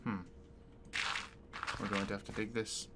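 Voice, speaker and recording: Heavy noise and background music surround a man whose voice sits on the low side and who never hurries. He plays a game and loosely chats with viewers, drifting between thoughts as he works through tasks.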